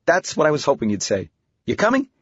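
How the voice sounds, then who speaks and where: A man voicing a playful middle-aged father who coaxes his daughter along, speaking a little higher than the narration. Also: wildly swooping pitch, quick pace, breathy edge, no room sound, exaggerated voice. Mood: coaxing. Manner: coaxing, lightly raised. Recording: dull, muffled audiobook recording.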